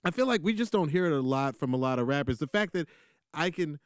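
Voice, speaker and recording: Man, smooth clear voice, slightly high pitch, dry close mic, animated casual music talk. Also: fast, no echo. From Atlanta, USA. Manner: animated, lots of fillers and restarts. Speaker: podcast co-host.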